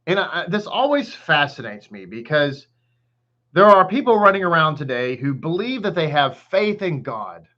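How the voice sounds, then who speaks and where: Very animated at a normal pace, the rabbi's slightly high voice comes across pushed and bright, with the highs clipped. He has a Texan accent and leads a relaxed online Torah session, greeting people by name, chatting freely, humming and laughing between ideas.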